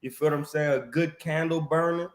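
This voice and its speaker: A man's voice: fairly high pitch, steady tone, a little fast, slight background noise. Preachy man in an echoey room. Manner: preachy, tags lines with "right?" and "man". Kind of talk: casual religious discussion.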